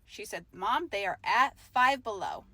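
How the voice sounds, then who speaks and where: A woman's voice: medium pitch, big pitch swings, measured pace, bright, forceful tone, no room sound. A woman from Utah speaking as a mother in a video clip, firm and insistent. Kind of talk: talking to a phone camera.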